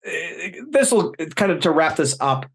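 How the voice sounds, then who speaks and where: A man's voice: a little high, big pitch swings, moderate pace, husky. A man hosting a podcast in casual chat, laid-back and agreeable. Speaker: podcast host.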